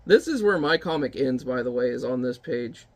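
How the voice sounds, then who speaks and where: A man's voice: mid-range voice, animated, moderate pace, darkish tone. A man giving casual, wry commentary while reviewing an old comic book. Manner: wry, chatty, offhand remarks.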